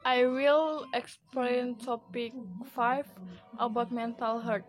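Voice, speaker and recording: A woman's voice: on the high side, fairly even intonation, slow pace, faint music behind, rough recording. A woman who is not a native English speaker gives a class presentation, reading hesitantly and restarting words. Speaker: student presenter.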